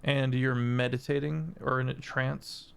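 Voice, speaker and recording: A man's voice: medium pitch, little pitch movement, unhurried, creaky, smooth. A man acting as game master for a tabletop game who describes scenes while searching for words. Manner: searching for words, with fillers and restarts.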